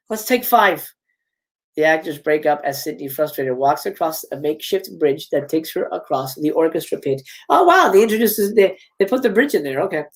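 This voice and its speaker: A man hosts a live reading of a film script, moving through stage directions and breaking off into chatty asides. His voice swoops up and down with lively, animated pitch. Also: brisk, few pauses. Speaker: host.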